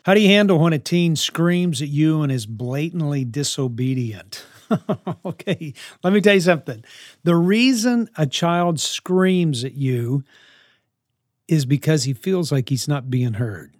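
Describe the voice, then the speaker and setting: Male parenting advisor, slightly high-pitched, earnest and coaching, dry close sound. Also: animated, a little slow, dry recording. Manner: earnest, coaching, with frequent restarts. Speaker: parenting advice speaker. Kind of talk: answering parenting questions.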